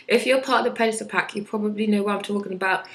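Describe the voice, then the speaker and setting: A woman's voice: medium pitch, steady tone, fast talker, fairly bright tone, low-quality recording. A woman in her twenties chatting bluntly and sarcastically in a casual vlog, with mocking impressions. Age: 20s. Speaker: vlogger.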